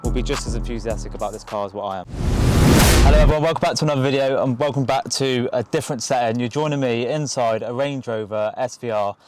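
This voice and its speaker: A young man with an excitable, rushing manner and casual slang, filming a car review vlog from inside a car. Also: medium pitch, soft background music. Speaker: car vlogger. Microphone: camera held by someone else.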